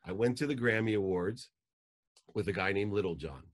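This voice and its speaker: Deep-voiced man telling a life story. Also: moderate pace. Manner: emotional, animated storytelling with rising outbursts. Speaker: podcast guest. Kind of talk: personal storytelling.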